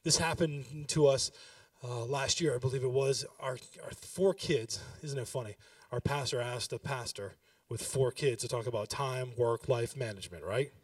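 A man's voice: medium pitch, moderate pace, hardly any pauses, dry recording, far from the mic. A pastor in his thirties giving a sermon, talking with the congregation and building to emphatic exhortation.

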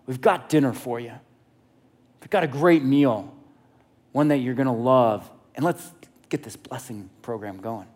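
A man's voice: mid-range voice, a little slow, long pauses, a little mellow, natural voice. A man playing an eager, scheming younger son.

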